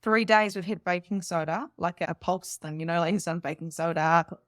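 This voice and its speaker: A woman speaking as a spiritual coach in a casual, rambling monologue, animated and laughing often. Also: fairly low pitch, brisk, no echo, studio quality. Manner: animated and enthusiastic.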